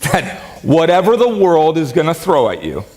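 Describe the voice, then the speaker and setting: A man preaching a sermon as pastor, in a conversational, joking way that turns animated when he quotes. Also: fairly high pitch, normal speed. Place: church sanctuary. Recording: reverberant church hall.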